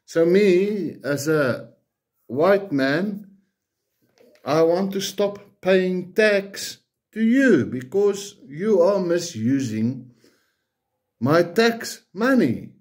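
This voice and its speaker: A political commentator with an Afrikaans-speaking South African accent delivers an angry political rant to camera, his high voice lively in intonation but extremely slow. He speaks bluntly, firing off repeated, profane rhetorical questions.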